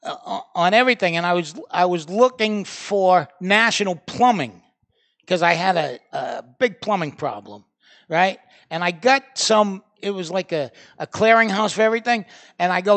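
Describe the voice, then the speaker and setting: A middle-aged man with a Boston accent hosting a comedy show, trading quick wisecracks in casual banter. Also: high-pitched, expressive, fairly bright tone.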